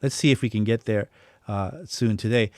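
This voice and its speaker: A man teaching music production in a relaxed, casual demonstration, thinking aloud with frequent restarts. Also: fairly low pitch, normal speed, dry recording, clean studio sound. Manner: reads chat comments aloud. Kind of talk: casual live-stream demonstration. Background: synthesizer tones.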